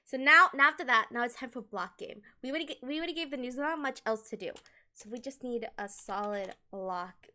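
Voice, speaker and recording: A woman's voice: fairly high pitch, fairly quick, pushed and bright. A woman from Colombia chatting casually with viewers on a livestream, giggling often and talking animatedly with her hands near a desk microphone. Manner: giggly, laughs often between sentences.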